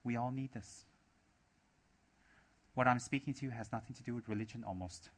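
A man's voice: medium pitch, brisk. A man giving a Buddhist dharma talk, emphatic and repetitive, asking many rhetorical questions. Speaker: Buddhist teacher.

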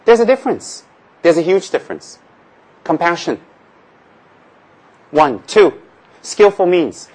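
A man's voice: sits high, lively intonation, slow, pauses often, darkish tone, low-quality recording. A man from Tibet teaching as a Buddhist teacher in a casual Dharma talk, joking and asking rhetorical questions, often repeating phrases.

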